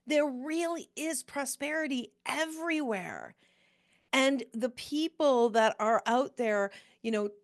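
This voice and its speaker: Upbeat middle-aged woman, motivational podcast host. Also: fairly high pitch. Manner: earnest, laughs often while telling stories. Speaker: podcast host and business coach.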